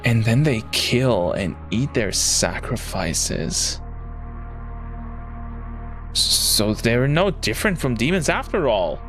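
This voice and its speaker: Teen boy narrator, curious, plain inner-monologue read, mid pitch, faint music, guy reading it. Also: expressive, slow pace, long pauses, a bit bright. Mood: uneasy. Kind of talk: reading a visual novel aloud.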